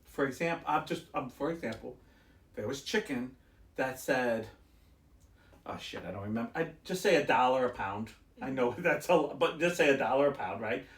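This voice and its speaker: A man's voice: mid-range voice, moderate pace, roomy sound, distant mic. A man hosting a podcast, chatting casually and acting out clerks as he tells a story. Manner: animated storyteller, acts out store clerks, swears casually. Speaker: podcast host. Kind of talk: casual chat.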